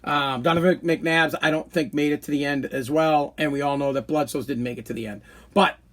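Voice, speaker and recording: A man talks in a fairly high voice for a man. He rants casually and opinionatedly, joking and blunt, like a host chatting on his own podcast stream. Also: steady tone, fairly quick, fairly bright tone. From Boston, New England. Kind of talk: casual live-stream rant.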